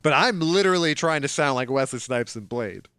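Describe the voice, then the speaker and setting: A man with a mid-pitched voice that rises and falls with a lot of life, talking playfully in casual chat. He rambles and restarts his thoughts. The sound is dry and close. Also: lively intonation, fairly bright tone, clear, resonant tone, no echo. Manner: playful, keen on quick impressions, rambling restarts. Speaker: podcast co-host.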